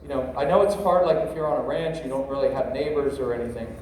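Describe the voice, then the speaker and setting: A man's voice: medium pitch, steady tone, fast talker, darkish tone. Joking middle-aged man in an echoey hall. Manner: joking, rambling, talks straight to the audience. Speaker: parenting workshop speaker. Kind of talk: humorous workshop talk. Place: large convention hall. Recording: echoey hall, voice from a distance, faint noise.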